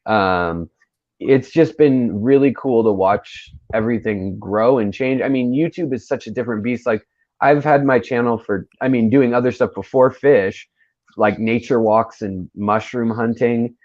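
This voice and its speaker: A man chats casually from a remote connection, mostly answering with short agreeing words. His voice has an ordinary middle pitch. The audio sounds slightly dull and dry. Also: a little slow, darkish tone, no room sound. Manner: brief agreeing replies, laughs along. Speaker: fellow aquarium YouTuber, co-host. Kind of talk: casual chat on a live stream.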